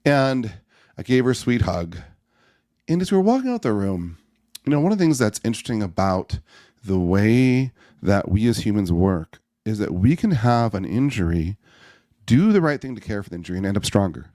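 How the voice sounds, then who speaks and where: A man, a podcast guest, telling personal stories in an animated way and acting out the voices in them. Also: fairly low pitch, normal speed, no echo, studio quality. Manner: animated storyteller, acts out voices in anecdotes. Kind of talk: storytelling in a podcast conversation.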